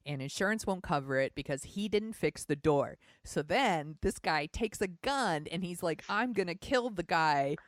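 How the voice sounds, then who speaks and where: A woman's voice: lowish voice, lively intonation, moderate pace, few pauses, no echo, studio quality. A woman co-hosting a podcast in casual chat, exasperated as she talks through her notes. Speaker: podcast co-host.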